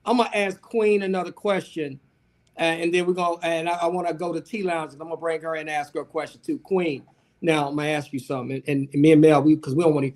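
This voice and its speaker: A man who works as an attorney, hosting a live panel talk, animated and repeating himself as he calls on guests. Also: high-pitched. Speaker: host, attorney.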